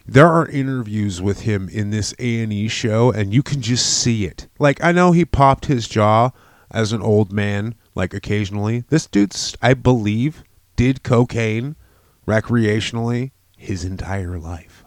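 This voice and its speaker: A man co-hosting a casual podcast, high on cannabis, swearing a lot and getting loud and shrill when outraged. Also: animated, measured pace, no room sound. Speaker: podcast co-host.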